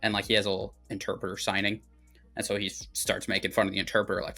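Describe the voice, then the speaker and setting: A young man with a low, bright voice retells a film plot in a loose, rambling way. He leans on fillers like "like" and swears freely, and the talk comes over faint music. He sounds like a casual podcast host. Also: monotone, fast talker, gravelly. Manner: rambling, filler-heavy, profane. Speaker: movie review podcast host. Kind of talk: casual movie recap.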